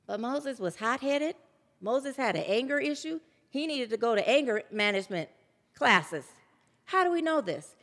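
A woman's voice: high-pitched, a bit bright. A woman preaching a sermon with emphatic delivery, sometimes calling on listeners to say words aloud. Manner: emphatic, calls for congregation response. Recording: long hall reverb.

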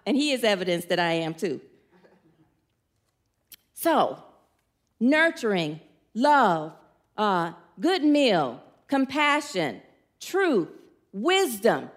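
A middle-aged woman with a notably high voice delivers a relaxed sermon. She tells stories in a chatty, playful way and invites the congregation to answer back. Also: slow, pauses often. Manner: warm, chatty, playful storytelling with audience questions. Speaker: speaker at a church gathering. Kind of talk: informal sermon with congregation call-and-response.

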